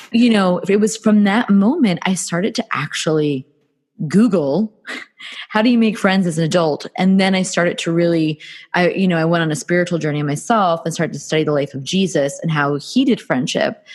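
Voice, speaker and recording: Low-voiced woman from New Jersey. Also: normal speed, a little mellow. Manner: candid storytelling. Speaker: podcast guest. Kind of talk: casual interview.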